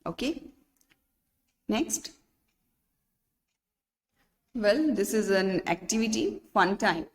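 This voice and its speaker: A woman's voice: mid-range voice, expressive, slow pace, long pauses, in a large hall. A woman teacher patiently walking pupils through a workbook lesson, spelling out letters, listing words one by one and checking in with "right?".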